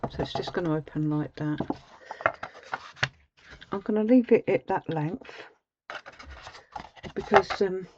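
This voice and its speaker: A woman's voice: on the low side, slow, long pauses, noisy background. A woman hosting a casual craft tutorial, chatting her way through each step with plenty of ums. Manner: chatty, rambling, with many ums. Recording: slightly dull home recording.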